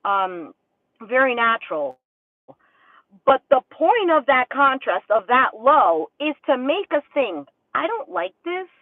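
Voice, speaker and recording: A woman's voice: high-pitched, big pitch swings, slow pace, dry recording. A woman reads tarot in a loose, rambling way and slips into quoted inner thoughts as she goes. Her voice comes through thin and tinny, like over a phone line. The sound is dry and close, with no room around it. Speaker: tarot reader. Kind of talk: casual tarot reading.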